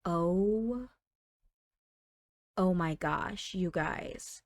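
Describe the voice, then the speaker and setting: A woman's voice: medium pitch, takes it slowly, dry recording, clean studio sound. A woman hosting a let's play, narrating her game in a chatty way with dramatic exclamations. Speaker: gaming channel host.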